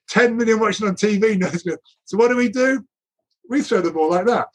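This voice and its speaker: Husky-voiced man telling lively anecdotes. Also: high-pitched, a little fast. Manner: laughs often while telling stories, acts out quoted dialogue. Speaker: guest recounting coaching career. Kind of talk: animated anecdotal storytelling.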